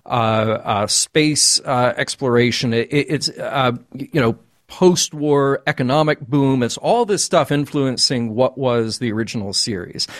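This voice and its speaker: A man's voice: medium pitch, measured pace, few pauses, no room sound, clean studio sound. A man hosting a live podcast call-in, talking casually and rambling a little as he thinks aloud. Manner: rambling, repeats words when thinking. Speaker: podcast host. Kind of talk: casual live-stream chat.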